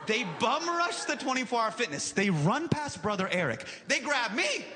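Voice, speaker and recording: Animated stand-up comedian, high lively voice. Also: male voice, normal speed. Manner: animated, acts out characters. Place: live comedy stage. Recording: loud live crowd and noise.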